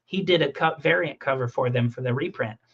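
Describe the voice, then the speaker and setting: A comic creator and podcast host with a mid-range voice, a slightly fast pace, and vocal fry rambles through stories in a casual conversation about making comics. His animated storytelling keeps restarting, and the audio is muffled and lo-fi.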